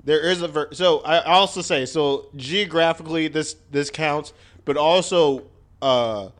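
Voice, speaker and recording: A man co-hosting a podcast, talking in a deliberate, wry way and often correcting himself. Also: fairly high pitch, fairly bright tone. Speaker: podcast co-host. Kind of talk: casual joking chat.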